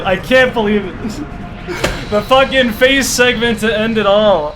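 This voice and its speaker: A young man streaming a speedrun, pleading and swearing at the game, then cheering excitedly. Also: sits high, normal speed, noisy background. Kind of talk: live gameplay commentary. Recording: game music behind.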